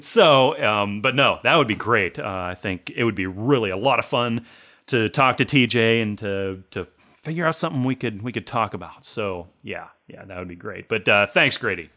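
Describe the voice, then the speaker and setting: A man's voice: on the low side, moderate pace, bright, forceful tone. A man hosting a podcast, chatting in a rambling, friendly way and laughing often. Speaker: podcast host. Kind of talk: casual podcast chat.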